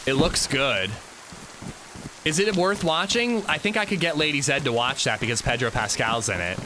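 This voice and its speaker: A man's voice: medium pitch, moderate pace. A man streaming a game, chatting casually and answering his viewers' messages. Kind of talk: casual livestream chat. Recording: steady rain noise behind.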